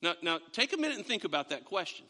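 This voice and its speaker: A man's voice: high voice, sing-song, fast talker, sharp tone, in a large hall. A man preaching a sermon, telling a story and stressing the quoted verses with rising emphasis.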